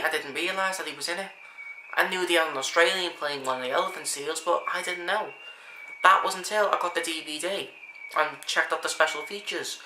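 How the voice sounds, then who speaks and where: A man talking casually to camera, earnest and rambling, often restarting his sentences. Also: high-pitched. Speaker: vlogger. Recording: echoey room with faint background hiss.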